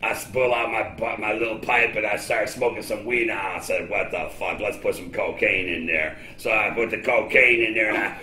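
An older man telling rambling, profane, boastful stories as an interviewee, sometimes breaking into shouting. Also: fairly low pitch, normal speed, few pauses, a little hiss or hum. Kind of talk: rambling storytelling. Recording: echoey with loud music.

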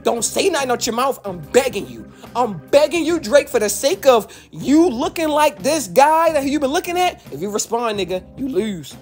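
Fired-up woman ranting with lively pitch. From Baltimore. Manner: animated, profane, repeats phrases for emphasis. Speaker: YouTube commentator and rapper. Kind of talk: hyped reaction rant to camera.

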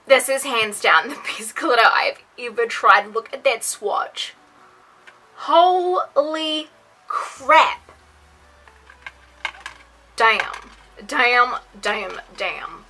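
A woman's voice: on the high side, expressive, very slow, pauses often, sharp tone, breathy edge, rough recording. A young woman unboxing beauty products in her bedroom, gushing and gasping with repeated exclamations in a casual vlog. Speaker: beauty vlogger.

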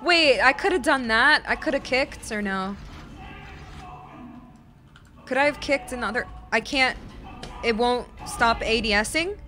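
A young woman streaming a horror game, talking to her chat with excitable, jumpy reactions and swearing when startled. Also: a little high, a little slow, long pauses. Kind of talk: live gameplay commentary. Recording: game music behind voice.

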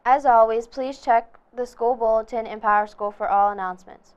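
A teenage girl reads the school announcements in a fairly high, clear voice. She keeps to the script with a few small slips. The recording sounds dull and muffled. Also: steady tone, normal speed. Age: teens. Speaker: student announcer.

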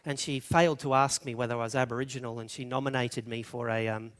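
A middle-aged Australian man preaches a sermon in a medium-pitched, steady, slightly bright voice at a quick pace. He tells stories and builds up to emphatic declarations.

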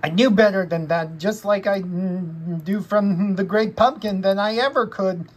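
A woman's voice: medium pitch, unhurried, voice pushed up, close to an everyday voice. A woman voicing a cross cartoon boy who scolds bugs in a fan dub over film clips, bossy and repetitive with little hums between words.

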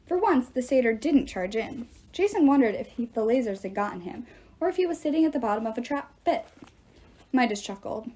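A woman reading a novel aloud with expressive, dramatic narration. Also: on the high side, fairly quick, breathy edge. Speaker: audiobook reader.

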